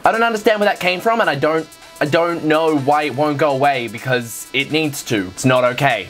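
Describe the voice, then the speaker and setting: A man's voice: on the high side, brisk, a bit bright, faint music behind. A young man, ranting sarcastically to camera and swearing freely. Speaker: vlogger. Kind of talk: comedic rant to camera.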